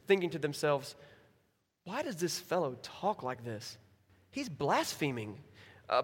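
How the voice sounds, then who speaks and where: A man preaching a sermon as a pastor, telling stories with acted-out voices. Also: a little high. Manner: animated storytelling with acted-out voices. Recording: hall reverb.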